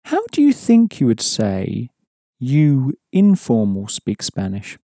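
Man, language teacher, patient, explains then prompts, dark tone, dry sound. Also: medium pitch, wildly swooping pitch, takes it slowly, dry recording. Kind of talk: audio language lesson.

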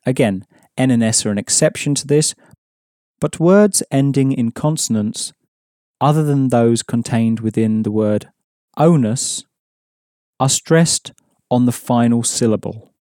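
Male language teacher, mellow, dry studio sound, patient and methodical. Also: mid-range voice, no room sound. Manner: measured, explanatory, repeats key points. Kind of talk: scripted lesson narration.

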